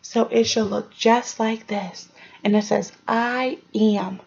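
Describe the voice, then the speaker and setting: A young woman teacher leads a slow, careful phonics lesson, drawing out each letter sound. She checks in with the children, praising them as she goes. The recording of her online class is a little dull. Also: on the high side, steady tone, creaky, a little mellow, slightly rough. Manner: sounds out letters, frequent encouraging questions. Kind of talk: slow, clear early-grade phonics lesson. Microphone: home recording for online class.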